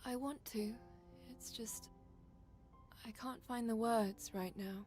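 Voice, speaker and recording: A woman's voice: a little high, steady tone, slow pace, faint music behind. A hesitant, withdrawn game girl. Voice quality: soft, hesitant, trailing off. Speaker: game character. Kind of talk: game voice acting.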